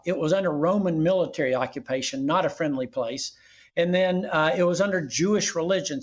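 A man who is a former governor, speaking earnestly as a guest in an interview and often restarting his sentences. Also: a little high. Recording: dull lo-fi line.

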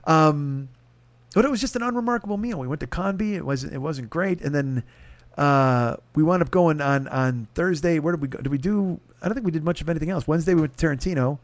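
A man's voice: on the high side, a little fast, dry recording. A man hosting a podcast, telling a long story in a casual, profane and exasperated way. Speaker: podcast host.

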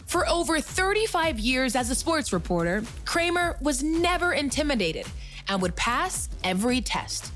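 Lively high-pitched woman narrator. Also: faint music behind. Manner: polished, measured. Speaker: documentary narrator. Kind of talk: scripted narration.

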